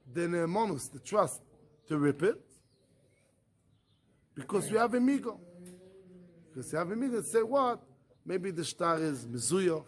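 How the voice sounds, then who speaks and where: A man, a rabbi, giving a Talmud study class in non-native English, asking rhetorical questions and answering them himself. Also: high-pitched. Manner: animated, acts out the arguments in first person.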